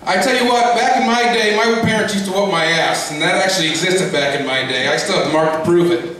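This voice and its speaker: A man's voice: high-pitched, brisk, a bit bright, a little hiss or hum. A man doing a stand-up comedy set on a club stage, ranting grumpily and crudely. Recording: echoey club from far off.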